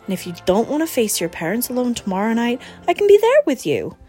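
Woman reading as a lively, protective best friend. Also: a little high, fast, faint music behind, voice pushed up. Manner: bright, emphatic, teasing.

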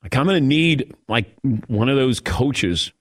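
Animated middle-aged male radio host. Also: medium pitch, unhurried. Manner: reflective, self-mocking, animated. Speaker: radio sports talk host. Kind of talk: casual talk radio chat.

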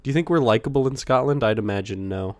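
A man's voice: mid-range voice, fast talker, darkish tone, no room sound. A man trading jokes as a podcast co-host, laughing often and wandering through his sentences. His voice sits in a middle range and is recorded close and dry, with no room sound. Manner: joking, laughs often, rambling with fillers. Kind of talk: casual banter.

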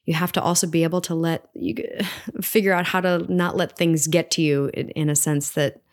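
A woman's voice: low voice, level tone, moderate pace. A woman in her forties, a stage performer, talking earnestly and animatedly through her doubts in an interview. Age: 40s. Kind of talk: reflective interview conversation.

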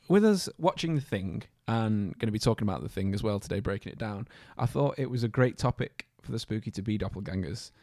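A man's voice: fairly low pitch, lively intonation, quick pace, few pauses, dark tone, no echo, clean studio sound. A man co-hosting a casual podcast, telling a story in a jokey, rambling way. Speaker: podcast co-host.

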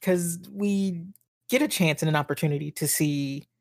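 A woman's voice: sits low, moderate pace, a little mellow, no echo, clean studio sound. A woman co-hosting a podcast, talking casually about a book and often restarting her sentences. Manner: hesitant, restarts, many fillers like "like". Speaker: podcast co-host.

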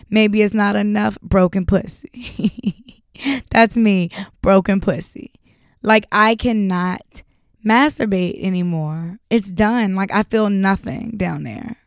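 A woman's voice: mid-range voice, smooth, no room sound, studio quality. A young woman hosting a solo podcast, talking bluntly with lots of profanity and frequent laughter. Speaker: podcast host.

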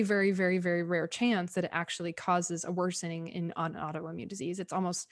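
A young woman explains things step by step on a podcast, in a somewhat low voice. She keeps a measured, even way of talking as she sets out each point. The recording is close and dry. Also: no echo. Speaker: podcast co-host. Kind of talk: explanatory conversational chat.

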